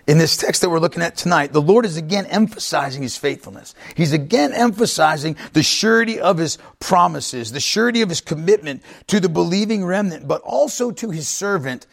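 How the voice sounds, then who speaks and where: A man's voice: high voice, creaky. A man pastor preaching an emphatic sermon, often checking in with the congregation. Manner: emphatic, repeats himself, asks the congregation "right?".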